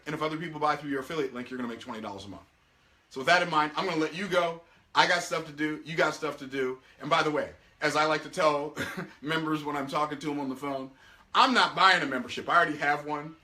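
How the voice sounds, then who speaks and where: Bright, energetic man pitching. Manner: energetic, repetitive, restarts often. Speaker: business coach. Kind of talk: live video pitch to members.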